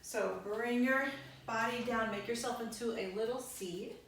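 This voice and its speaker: Kids yoga teacher, woman, fairly high and slow, gentle cues, distant mic in a booming room. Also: a little hiss or hum. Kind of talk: guided kids yoga class. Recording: very echoey room, voice from far off.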